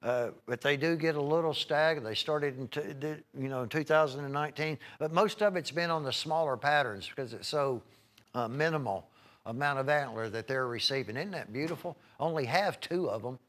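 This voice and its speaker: A man's slightly high, fairly bright voice moves a little fast as he hosts a live home shopping show. His sales pitch is folksy and rambling, studded with prices and item numbers.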